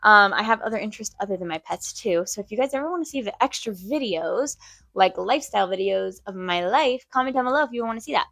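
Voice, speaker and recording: A woman's voice: medium pitch, expressive, fast talker, vocal fry, a bit bright, no echo. A young woman from Arizona chatting casually to viewers in a pet vlog, rambling with fillers and often a little out of breath. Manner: chatty, rambling, with many fillers and self-corrections. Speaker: pet vlogger.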